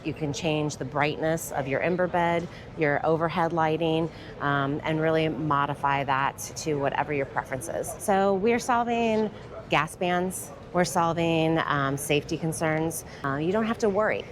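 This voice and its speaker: A woman exhibitor giving a confident, fluent sales pitch for a fireplace. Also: moderate pace, a crowd in the background. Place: busy expo hall.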